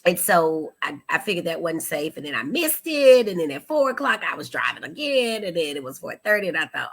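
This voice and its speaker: A woman hosting a live-stream talk show from a studio, animated and chatty as she greets viewers by name. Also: fairly low pitch, a little fast, few pauses. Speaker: host.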